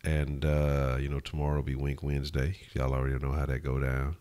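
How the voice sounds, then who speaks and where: A man's voice: very deep voice, completely flat delivery, fairly quick, a little mellow, clean tone. A man hosting casual sports talk, loose and profane, rambling with restarts while answering chat. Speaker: sports talk show host.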